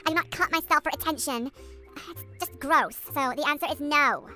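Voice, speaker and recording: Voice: high voice, moderate pace, pushed and bright, faint music behind. A fan voicing a vain, haughty young female chipmunk with a snooty, self-admiring manner in a fan-made character podcast. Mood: dismissive.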